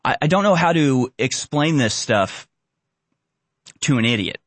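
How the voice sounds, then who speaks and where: A man's voice: medium pitch, expressive, measured pace, a bit bright, no echo. A man hosting a commentary show, ranting bluntly and with exasperation. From Houston area. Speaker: commentary host.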